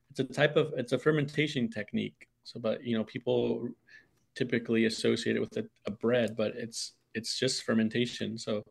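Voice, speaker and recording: A man with a gravelly, creaky voice explains his baking in a radio studio, earnest and halting, often restarting his sentences. His pitch is medium. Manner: hesitant, many restarts, earnest. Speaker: guest baker. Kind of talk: studio interview.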